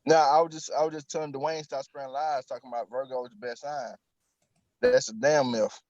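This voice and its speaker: A man's voice: mid-range voice, fairly even intonation, brisk, a little mellow, no echo, muffled recording. A man co-hosting a live podcast, bantering and cursing in a joking way. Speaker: podcast co-host. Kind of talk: casual live-stream chat.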